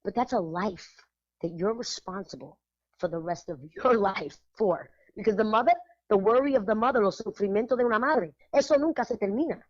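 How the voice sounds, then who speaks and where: An animated woman co-hosting a radio talk show, speaking emphatically and breaking into laughter and Spanish phrases. The recording is dry and a bit dull and lo-fi. Her pitch sits in a middle range for a woman. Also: fairly quick, no echo. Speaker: art show curator and radio co-host. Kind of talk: casual radio chat.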